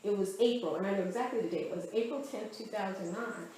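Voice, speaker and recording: In a very echoey room with faint background ambience, a woman with a medium-pitched voice talks fast over a slight hiss or hum. She's recounting events in a conversational interview, telling her story with animation and often acting out what other people said.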